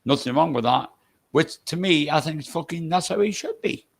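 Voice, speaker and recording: A man's voice: on the high side, lively intonation, normal speed, creaky. A man with a Stoke-on-Trent accent mixed with Irish touches, a guest chatting casually on a live stream, blunt and swearing freely. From England.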